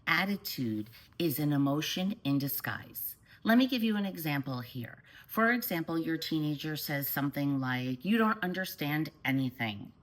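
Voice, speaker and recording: A woman parent coach giving calm, steady advice straight to the camera. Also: low-pitched, normal speed, few pauses, poor audio.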